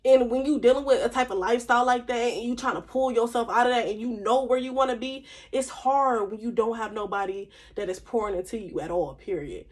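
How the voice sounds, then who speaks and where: A woman vlogger talks to camera in a casual monologue, her voice on the high side and brisk with few pauses. She comes across candid and emphatic, chatting conversationally and using slang.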